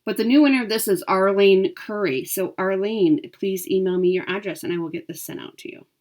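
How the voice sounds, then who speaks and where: A woman's voice: mid-range voice, brisk, darkish tone. A woman vlogging about her cross-stitch haul and giveaways in a chatty, upbeat way with frequent ums. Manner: chatty, upbeat, lots of ums and self-corrections. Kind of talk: casual chat to camera.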